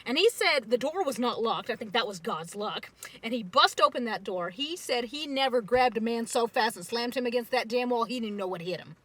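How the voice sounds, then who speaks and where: A woman telling a family story casually, full of fillers and animated asides. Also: fairly high pitch, a little fast, rough recording. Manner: chatty, many fillers, animated.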